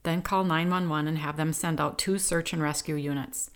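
A woman's voice: low voice, steady tone, normal speed, lightly acted. A woman voicing a determined woman rescuer in an audiobook, speaking firmly and reassuringly. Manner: firm, reassuring.

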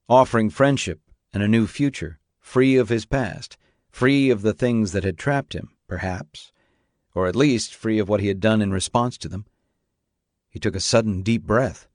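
A man reading an audiobook aloud in a steady, measured narrating style. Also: on the low side, dry recording, clean studio sound. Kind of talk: scripted narration.

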